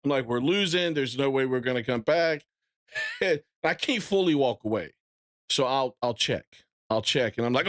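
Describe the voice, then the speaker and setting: A gaming streamer in his thirties chats casually on a live stream, his medium-pitched voice moving at a normal speed. He's animated, bursting into loud, excited moments as he retells things.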